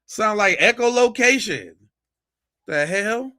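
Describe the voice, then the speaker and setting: Brief: male host, bright forceful voice, dry close sound, teasing slangy commentary. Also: sits high, expressive, slow pace, dry recording. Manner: slangy, mocking, jokey banter. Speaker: podcast host. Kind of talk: reaction commentary on viewer clips.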